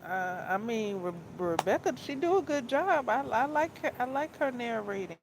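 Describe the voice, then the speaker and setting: A woman's voice: fairly high pitch, expressive, moderate pace, noisy background. A woman vlogging about books in a casual, rambling way, often repeating herself and laughing as she talks. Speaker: book vlogger. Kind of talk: casual chat.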